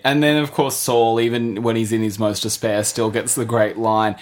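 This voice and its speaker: A man co-hosting a podcast in casual chat, animated and acting out quoted lines. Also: lowish voice, moderate pace, hardly any pauses. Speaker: podcast co-host.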